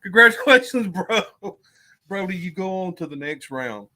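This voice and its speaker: A man hosting an online tournament stream, casual and excitable, laughing and swearing as he talks. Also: high voice, measured pace. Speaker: tournament host.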